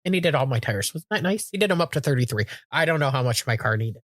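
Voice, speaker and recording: A woman's voice: a bass voice, fast, no room sound, studio quality. A middle-aged woman co-hosting a podcast, telling stories in casual chat, acting out quotes with frequent swearing. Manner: animated storytelling with acted-out quotes, frequent swearing. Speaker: podcast co-host.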